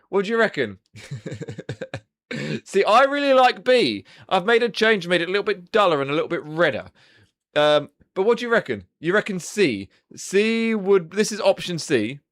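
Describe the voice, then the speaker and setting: A man's voice: fairly high pitch, fairly bright tone. A young man hosting a casual live stream, chatting loosely with viewers and swearing now and then. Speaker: livestream host.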